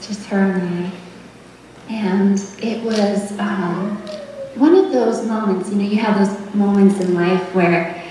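A young woman giving a tender, rambling memorial tribute, laughing softly between her thoughts. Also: medium pitch, slight background noise. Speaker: daughter giving a eulogy. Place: memorial service hall. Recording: echoey hall, heard from far off.

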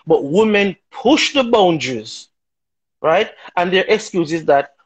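A man speaks as a talk show guest, his voice pitched high with a husky edge. He argues his views emphatically, piling up rhetorical questions. The delivery is opinionated and forceful. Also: animated, unhurried, poor audio. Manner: emphatic, rhetorical, keeps asking "right?".

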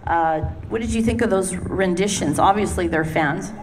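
A woman asking interview questions in a plain, measured way. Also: lowish voice. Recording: distant mic with background noise.

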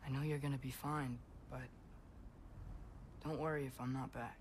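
An actor playing an earnest teenage boy in a video game, talking softly and tenderly. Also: mid-range voice, little pitch movement, moderate pace, a little hiss or hum, close to an everyday voice. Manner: soft, tender with animals.

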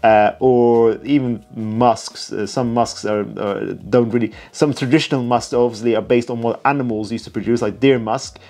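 A man's voice: medium pitch, steady tone, normal speed, hardly any pauses, darkish tone. Chatty, tired man reacting to perfume footage. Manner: chatty, enthusiastic, self-mocking. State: tired late at night. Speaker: perfume reviewer reacting to a documentary. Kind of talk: casual reaction commentary.

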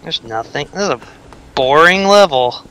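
A man's voice: a little high, lively intonation, moderate pace, pushed and bright, rough recording. A man giving casual, joking commentary over a co-op video game and swearing freely. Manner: joking, swears, plays with voices. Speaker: let's play commentator.

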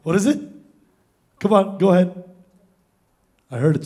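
A young man performing an animated stand-up comedy routine on stage, acting out voices as he tells a story. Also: fairly high pitch, a little slow, pauses often, breathy edge. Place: stage before a live audience.

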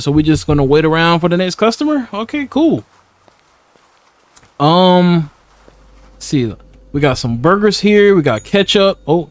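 Playing a horror game, a young gaming YouTuber offers casual let's-play commentary in a voice on the high side, with no echo. He laughs often, speaks in slang, and talks back to the characters.

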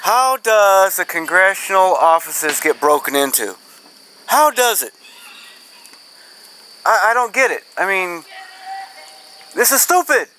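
Man, indignant vlog co-host, high bright voice, faint noise behind. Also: expressive, measured pace, pauses often, rough recording. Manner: indignant, exasperated. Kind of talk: casual vlog commentary.

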